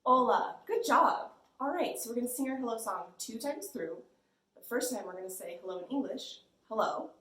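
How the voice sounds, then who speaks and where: Young woman librarian, sing-songy storytime voice for kids, kinda high, roomy echo. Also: expressive, brisk, fairly bright tone. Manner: bubbly, sing-song, exaggerated. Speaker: children's librarian. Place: library room. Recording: echoey room.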